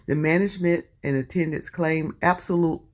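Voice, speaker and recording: A woman's voice: low-pitched, normal speed. A woman with a Southern US accent reading posts aloud for her channel and breaking in with chatty asides and exclamations. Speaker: YouTube commentator.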